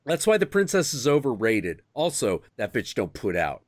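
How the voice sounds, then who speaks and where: A man hosting a loose, profane chat, telling stories and jumping into squeaky voices for the characters. His pitch swings widely and the sound is very dry and close. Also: normal speed, no echo. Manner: crude, animated storytelling with sudden high squeaky impressions. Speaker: host. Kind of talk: casual chat.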